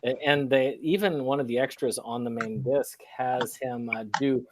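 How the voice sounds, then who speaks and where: Chatty man with faint hiss. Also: mid-range voice. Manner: animated, quick to quote and laugh. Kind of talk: casual film discussion.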